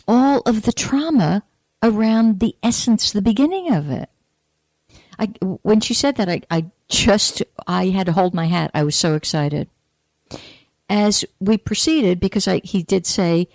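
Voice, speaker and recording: A middle-aged woman hosting a spiritual talk radio show, telling a personal story in a chatty, animated way with quoted asides. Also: a little high, measured pace, no room sound.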